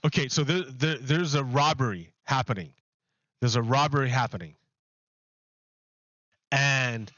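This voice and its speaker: A man livestreams and talks casually to his chat, repeating and restarting phrases as he builds an argument. His mid-range voice is slightly bright, and the lo-fi recording has no echo.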